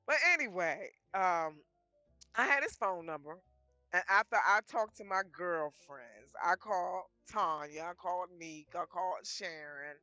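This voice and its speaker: A woman's voice: lowish voice, measured pace, sharp tone, no room sound, dull audio, soft background music. A woman casually telling her life story, frank and blunt, acting out both sides of conversations and laughing often.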